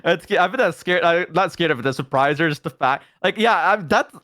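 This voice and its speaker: A man with a middle-pitched voice chats casually as a stream guest, telling loose childhood stories full of "um" and "like." The recording is dry and close, with no room sound. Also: expressive, a little fast, sharp tone, no echo. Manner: rambling, filler-heavy storytelling. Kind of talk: casual chat.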